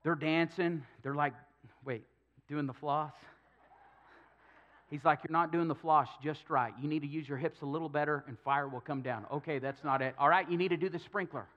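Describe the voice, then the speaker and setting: A man preaches in a church, retelling scripture with humor and playing out the characters' lines. His voice sits a little high. The recording is dull and lo-fi, with the top end muffled. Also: steady tone, brisk, hardly any pauses, fairly bright tone. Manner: storytelling with humor, acting out quotes. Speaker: pastor. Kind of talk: sermon.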